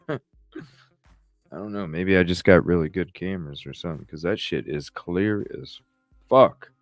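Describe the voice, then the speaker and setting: Tired, very deep-voiced man chatting. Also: a little slow, dry recording, clean studio sound, soft background music. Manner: casual, swears freely, reads and answers chat. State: tired and yawning. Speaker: podcast host. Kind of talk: late-night livestream chat with viewers.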